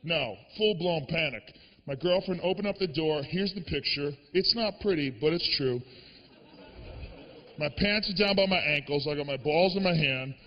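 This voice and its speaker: Man doing stand-up comedy, high voice, animated profane storytelling, dull lo-fi sound. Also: normal speed, in a large hall. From Boston area.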